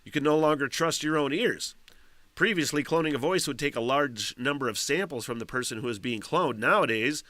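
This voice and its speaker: A man's voice: medium pitch, fairly quick, pushed and bright, dry recording. A middle-aged man hosting his own podcast, chatting casually, swearing freely and reading a news story aloud with rambling asides. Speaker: podcast host. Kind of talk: casual solo podcast chat.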